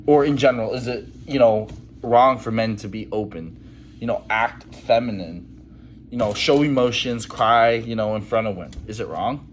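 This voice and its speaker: A man's voice: mid-range voice, moderate pace, a little hiss or hum, rough recording. A man in a casual monologue to camera, blunt and emphatic, with lots of "you know". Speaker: vlogger.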